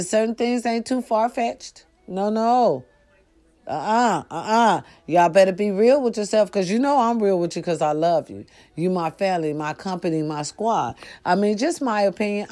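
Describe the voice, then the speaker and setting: Talking straight to camera, a female vlogger delivers a profane, preachy, casual monologue to her followers, veering from quiet murmurs to loud outbursts.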